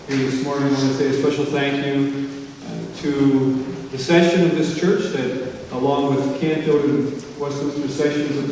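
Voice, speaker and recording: A man's voice: medium pitch, distant mic, a little hiss or hum. Male pastor in an echoey church. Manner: warm, informal church greetings, joking asides. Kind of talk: sermon. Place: church sanctuary.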